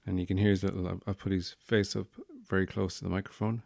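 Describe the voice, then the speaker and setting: A man's voice: sits low, level tone, quick pace, creaky, a little mellow, no echo. A man hosting a podcast as a new father, talking in a dry, self-deprecating and joking way in a casual monologue. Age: young adult or middle-aged new father. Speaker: podcast host.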